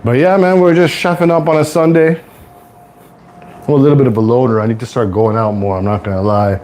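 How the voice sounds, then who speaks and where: A young man from Toronto hosting a casual live cooking stream, rambling to viewers in relaxed slang from his home kitchen. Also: mid-range voice, a little fast. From Toronto, Canada. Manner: laid-back rambling slang-heavy talk to viewers. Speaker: livestream host.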